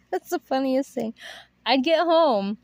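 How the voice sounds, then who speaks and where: A woman's voice: high-pitched, lively intonation, slow pace, a little mellow, dry recording. Chatty upbeat woman giving pet tips. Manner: chatty, upbeat, full of fillers. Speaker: animal rescue homesteader.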